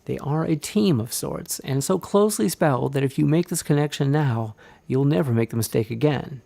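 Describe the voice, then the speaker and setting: A man from Indiana narrating a scripted writing lesson, explaining clearly and deliberately with examples. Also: medium pitch, dark tone, no echo. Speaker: writing instructor.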